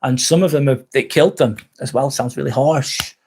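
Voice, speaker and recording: Speaking at a moderate pace in a medium pitch, a middle-aged man with an English accent chats candidly on a live stream, rambling and reading out viewer comments. His tone is darkish, and there's a little hiss or hum in the audio.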